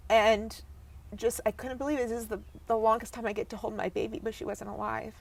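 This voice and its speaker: Young woman telling a painful story haltingly. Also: on the high side, little pitch movement, gravelly. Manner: halting, breaks off and restarts, voice drops to near whisper at times. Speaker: podcast guest. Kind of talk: emotional personal storytelling.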